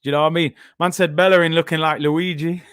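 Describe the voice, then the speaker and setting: High-voiced excitable man. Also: quick pace, clean tone, no room sound, studio quality. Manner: excitable, slangy, bursts into shouts. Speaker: host of a football watchalong. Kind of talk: live reactive commentary.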